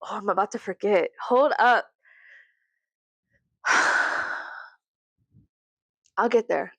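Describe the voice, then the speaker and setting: A woman with a Southern US accent chats loosely to her viewers, swearing freely and laughing at herself. Her voice sits in an ordinary middle pitch. The sound is dry and close, with no room echo. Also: slow pace, vocal fry. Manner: profane, self-mocking, laughs often. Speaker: YouTuber. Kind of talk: casual rambling monologue.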